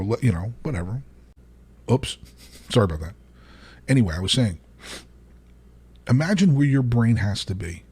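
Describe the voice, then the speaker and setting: A man hosting his own podcast, talking alone in an animated, exasperated way, often restarting his sentences and laughing between points. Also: medium pitch, breathy edge. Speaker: podcast host. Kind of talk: solo commentary monologue.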